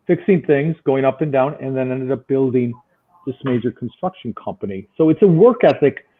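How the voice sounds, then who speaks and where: Animated storyteller man on a tinny line. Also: medium pitch, normal speed, husky. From Buffalo, New York. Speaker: guest. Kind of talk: storytelling in casual chat.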